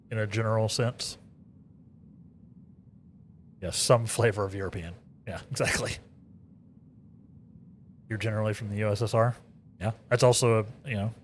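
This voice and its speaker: Man, streamer, casual chat, lowish voice, repeats words, faint ambience. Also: slight background noise. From United States. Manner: rambling, repeats words, chatty asides to chat. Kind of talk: casual chat with live chat while gaming.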